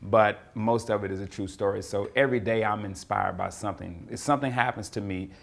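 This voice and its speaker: A man from North Carolina, a comedian answering interview questions in a relaxed, rambling way, often repeating words. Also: on the low side, brisk, creaky. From North Carolina, USA.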